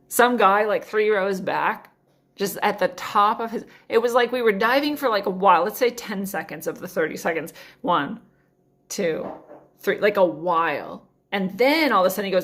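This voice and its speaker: A woman's voice: mid-range voice, fairly bright tone. A woman hosting her own show, telling a story in a chatty way, with many fillers and frequent laughs. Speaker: host of a spiritual podcast. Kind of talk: casual storytelling monologue.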